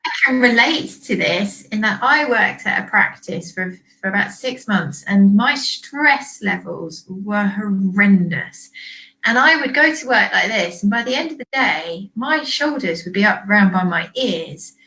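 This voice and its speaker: A woman vet hosting a casual discussion, animated and acting out owners and herself in quick quoted asides. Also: mid-range voice, rough recording. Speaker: vet and podcast host.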